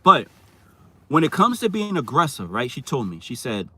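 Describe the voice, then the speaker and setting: A man's voice: medium pitch, wildly swooping pitch, moderate pace, pushed and bright, husky. A man rambles through a casual livestream talk, speaking in a mid-range voice. He stumbles and repeats words, and he tags almost every point with a questioning "right?" aimed at his viewers. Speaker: channel host talking to live viewers.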